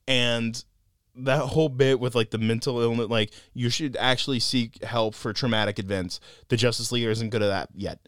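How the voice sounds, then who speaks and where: A man co-hosting a casual podcast film review, animated and laughing often as he acts out lines he quotes. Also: medium pitch, normal speed, clean tone, dry recording, studio quality.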